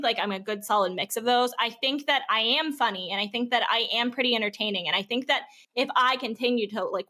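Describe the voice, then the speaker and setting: A young woman in her twenties, a podcast guest, telling stories in casual chat, bubbly and quick to laugh, with lots of "like". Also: a little high, sharp tone.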